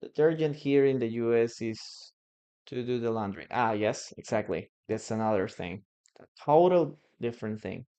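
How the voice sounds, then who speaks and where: A man teaching a live online English class, slowly repeating words and sentences so students can practice pronunciation. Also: mid-range voice, expressive, dark tone, dull audio. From Peru. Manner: slow, patient, repeats words for pronunciation drills.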